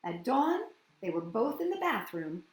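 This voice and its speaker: A woman hosting a children's story reading, gentle and sing-song, often asking her listeners questions. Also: on the high side, sing-song, measured pace. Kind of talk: children's storybook read-aloud. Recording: roomy echoey room.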